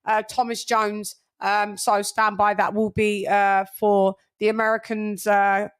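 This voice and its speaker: A woman hosting a boxing talk stream, chatting casually and giving loud shout-outs, swearing freely. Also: mid-range voice, level tone, a little slow, clear, resonant tone. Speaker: boxing channel host. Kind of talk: casual livestream chat.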